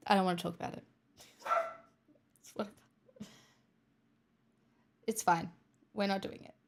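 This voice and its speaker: A woman's voice: mid-range voice, fairly even intonation, normal speed, gravelly, slight background noise. A young woman streamer chatting casually with her viewers, giggly and rambling. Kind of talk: casual live-stream chat.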